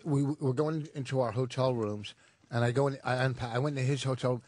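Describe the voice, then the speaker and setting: A male comedian sitting in on a radio show, telling loose anecdotes and tossing out quick wisecracks. His voice sits at an ordinary middle pitch for a man. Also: fairly even intonation, a little mellow. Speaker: comedian guest. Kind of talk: casual radio chat.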